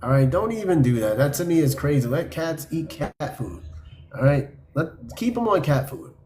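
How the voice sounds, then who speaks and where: Male podcast host, slightly high voice, casual and profane, light background noise. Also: big pitch swings, moderate pace, darkish tone. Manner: blunt, profane, mocking. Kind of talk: casual podcast commentary reading a list.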